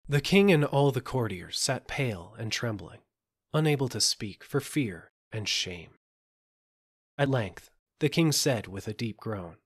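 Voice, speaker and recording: A man narrating a fairy tale audiobook in a measured, gentle storytelling manner. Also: medium pitch, lively intonation, breathy edge. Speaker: audiobook reader.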